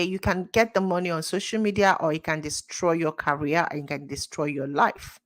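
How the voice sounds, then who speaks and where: A young adult woman with a Nigerian accent, commenting indignantly on social media news in a casual chat, laughing now and then. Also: on the low side. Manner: indignant, exclaiming, laughs often. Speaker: commentary channel host.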